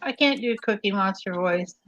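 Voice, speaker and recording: A woman's voice: medium pitch, moderate pace, a bit bright, no room sound. Playful woman on a dull, dry line. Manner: playful, jokey, quotes old comedy routines. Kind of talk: casual livestream chat.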